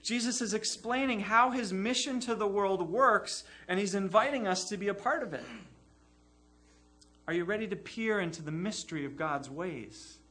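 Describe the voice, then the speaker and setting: Bright, high-voiced male preacher. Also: normal speed. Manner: earnest, emphatic preaching with repeated phrases. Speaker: pastor. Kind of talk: sermon.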